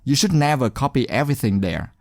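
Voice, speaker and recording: Lively, encouraging male teacher, dry sound. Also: medium pitch, dry recording. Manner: encouraging, deliberate, emphatic stress on key words. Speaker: English exam teacher. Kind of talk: scripted instructional narration.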